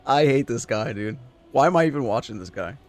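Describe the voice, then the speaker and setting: Excitable, swearing man streaming a game. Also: mid-range voice, brisk. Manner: excitable, swearing, laughing reactions. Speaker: gaming streamer. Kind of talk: live-stream reaction chat.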